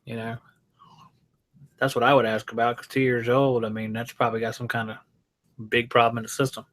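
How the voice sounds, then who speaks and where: A man co-hosting a live podcast, joking and teasing with quick asides. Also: medium pitch, level tone, a bit bright. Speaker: podcast co-host. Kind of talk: casual live-stream chat.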